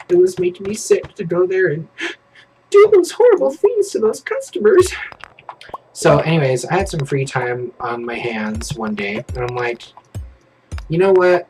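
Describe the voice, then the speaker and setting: A man streaming and telling a story in casual chat, animated and vivid, with casual swearing. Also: medium pitch, a little hiss or hum, rough recording.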